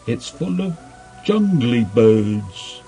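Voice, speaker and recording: A man voicing a newly made, simple-minded male snowman who talks in a slow, halting, puzzled way. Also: fairly low pitch, dark tone, faint music behind. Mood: delighted.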